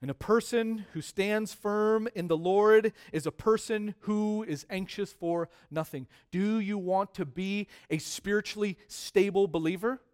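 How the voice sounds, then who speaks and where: A man preaching a sermon as pastor, stressing key words by repeating them and swinging between quiet drops and loud rises. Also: sits high, measured pace, few pauses, clear, resonant tone.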